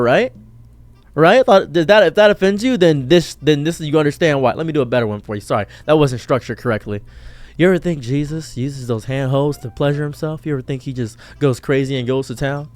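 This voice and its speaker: Exasperated man ranting, higher-pitched voice. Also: fast, dry recording. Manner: exasperated ranting, swings from loud outbursts to muttered asides. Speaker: commentary streamer. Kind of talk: reaction commentary.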